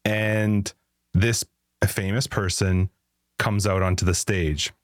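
A man's voice: lowish voice, little pitch movement, slow pace, dry recording, clean studio sound. A man hosting a podcast, telling rambling anecdotes in casual chat and laughing often. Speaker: podcast host.

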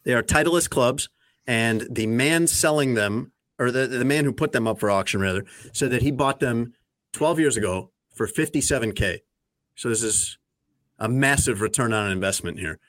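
A man's voice: medium pitch, normal speed, a bit bright, no room sound. A man in his thirties or forties hosting a sports talk show, recapping news in a conversational, dry way. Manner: conversational, dry, lots of fillers. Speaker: sports radio host.

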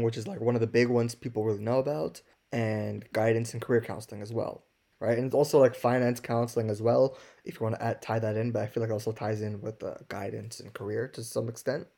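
A man's voice: medium pitch, gravelly, darkish tone. A young man co-hosting a podcast, telling stories in a loose, filler-heavy way. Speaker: podcast co-host. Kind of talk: casual podcast chat.

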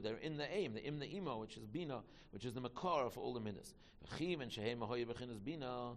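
A man teaching a Torah class, talking quickly, repeating himself and restarting phrases. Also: medium pitch, vocal fry, long reverb tail. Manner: quick, repetitive, with many restarts.

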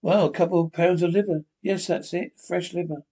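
A man's voice: high-pitched, fairly even intonation, a little fast, dark tone, slightly rough. A man reading the part of a nervous, secretive husband who keeps repeating himself anxiously. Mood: tense.

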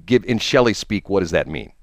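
A man with a low voice that swoops into high, animated peaks hosts a casual conversation. He teases and cuts in with playful interruptions. The sound is dry and close, with no room around it. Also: fairly quick, no echo. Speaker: host. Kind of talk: casual chat.

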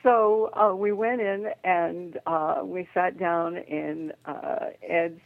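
An older woman, a guest on an interview, telling lively anecdotes and acting out the voices of the people in them. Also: lowish voice, slow, gravelly, no room sound. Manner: lively storyteller who acts out the voices in her anecdotes. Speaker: guest, psychic detective. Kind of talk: animated storytelling in a phone interview. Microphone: telephone. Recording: tinny phone line.

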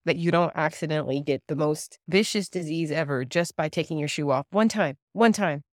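A woman host with a lowish voice, talking earnestly and openly in a candid interview. The sound is dry and close, with no room around it. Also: a little fast, dry recording. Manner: earnest, confessional, emotional at times. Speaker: podcast host and therapist.

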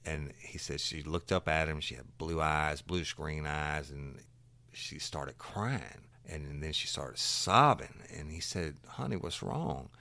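A man's voice: very deep voice, measured pace, pushed and bright, no room sound. A man, a former detective, telling an old case in a laid-back, casual way, swearing now and then. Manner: laid-back, swearing, acts out quoted voices. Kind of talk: casual storytelling.

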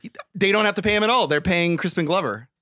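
A young man co-hosting a podcast, recapping a movie in casual, comedic chat, swearing freely and laughing loudly. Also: high voice, fast talker, no room sound.

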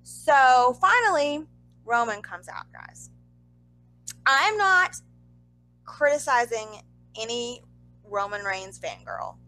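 A woman co-hosting a casual chat, telling a story in an animated way with lots of fillers and asides. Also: on the high side, poor audio. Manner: animated, talks fast with frequent fillers and asides. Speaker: podcast co-host.

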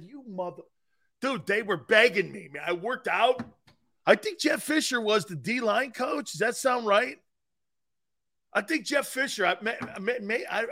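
Sports talk host, man in his sixties, rowdy and salty, slightly high voice. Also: gravelly. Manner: loud, profane, laughing storyteller. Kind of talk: casual storytelling on a sports talk show.

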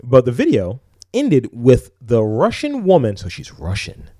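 Animated man reading news on a podcast. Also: medium pitch, measured pace. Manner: laughs, stumbles reading news aloud. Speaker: podcast co-host. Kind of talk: casual crude comedy chat.

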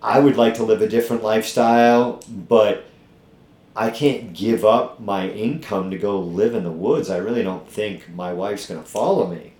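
Blunt, profane gym-owner podcast host. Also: male voice, on the low side, normal speed, darkish tone. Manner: blunt, profane, fired-up motivational talk. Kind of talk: casual podcast chat. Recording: echoey room.

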